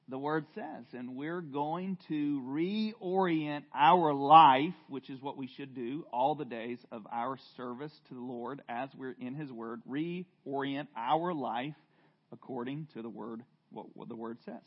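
A man preaching a sermon to a congregation in a church room, earnest and unhurried, stumbling into restarts now and then. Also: mid-range voice, muffled recording. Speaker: pastor.

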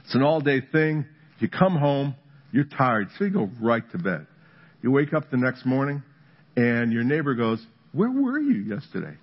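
Male pastor, mid-pitched husky voice, humorous storytelling sermon, lo-fi church recording. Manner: storytelling with humor, builds to animated emphasis. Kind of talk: conversational sermon.

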